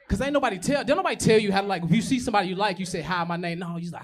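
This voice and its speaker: A man's voice: high-pitched, rapid-fire, few pauses. A young man doing a stand-up comedy set, telling profane stories, acting out voices and laughing at his own jokes. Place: comedy club stage.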